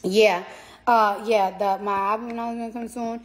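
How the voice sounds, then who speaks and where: A woman's voice: medium pitch, steady tone, normal speed. A tired woman rambling casually and profanely on a live stream from her phone, repeating herself as she talks to fans.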